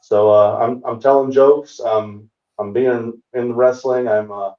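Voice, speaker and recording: A man's voice: medium pitch, unhurried. A man in his forties tells a road story with easy timing, acting out the people in it. He sits in an echoey room at some distance from a dull-sounding mic on a video call. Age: 40s. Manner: animated, acts out other people's lines. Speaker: comedian guest. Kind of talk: storytelling anecdote in casual chat. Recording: roomy, distant, dull remote call audio.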